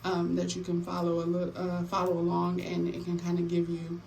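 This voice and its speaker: A woman hosting a tarot deck giveaway in a casual, animated chat, swearing freely and repeating herself for emphasis. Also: fairly low pitch, brisk, vocal fry, rough recording. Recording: faint background noise.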